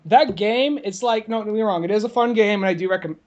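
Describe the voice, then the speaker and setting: A man chatting on a podcast, his voice sitting a little high. He rambles through stories, laughs a lot and drops into silly voices when he quotes someone. Loose and casual. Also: moderate pace, darkish tone, dull audio. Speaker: podcast co-host.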